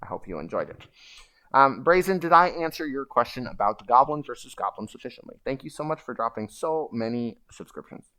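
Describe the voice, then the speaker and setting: A man hosting a casual livestream, rambling and animated as he tells stories and answers viewer questions. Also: mid-range voice, a little fast. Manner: rambling and animated, chanting and shouting at times. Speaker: livestream host.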